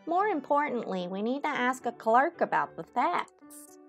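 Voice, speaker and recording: A woman voicing a calm young male pigeon in a game, reassuring and laid-back. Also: sits high, a little slow, faint music behind, pitched above the performer's own voice, exaggerated voice. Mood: easygoing.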